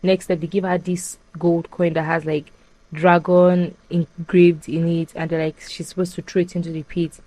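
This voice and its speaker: A young woman casually retelling a film plot as a podcast host, animated and full of fillers. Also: fairly low pitch, normal speed, poor audio. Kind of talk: casual chat.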